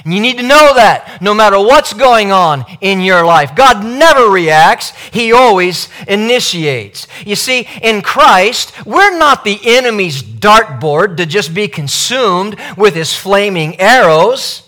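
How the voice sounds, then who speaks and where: A man delivers a sermon in a high, bright voice. He presses his points with emphasis and repeats key phrases, speaking straight to his listeners. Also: very animated, slow pace, hardly any pauses. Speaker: preacher.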